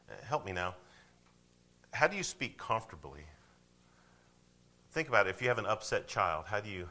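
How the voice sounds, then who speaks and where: A man preaching a sermon, talking conversationally and asking the congregation questions, swinging from loud to hushed. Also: fairly low pitch, animated, normal speed, pauses often. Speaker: pastor.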